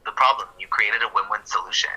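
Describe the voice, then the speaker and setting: A man co-hosting a podcast, explaining counseling ideas in a casual, thoughtful way, working through his points with fillers and quick self-corrections. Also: lowish voice, pushed and bright, husky, low-quality recording.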